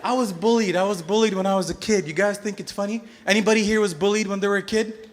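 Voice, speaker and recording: A man in his thirties from Bahrain performing a stand-up comedy set, telling stories with sudden loud outbursts and acted-out voices. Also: high-pitched, fairly even intonation, fast talker. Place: comedy stage before a live audience.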